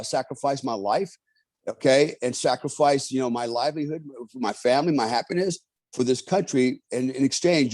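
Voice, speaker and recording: A man's voice: mid-range voice, darkish tone, no room sound. A middle-aged man, an Army veteran and author, talking casually as a podcast guest in an emphatic, ranting way and often ending phrases with "man". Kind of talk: casual conversation and storytelling.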